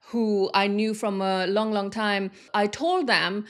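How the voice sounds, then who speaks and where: A woman's voice: mid-range voice, fairly even intonation, slow pace, a bit bright. A woman giving a motivational talk as a manifestation coach, earnest and repeating key phrases for emphasis.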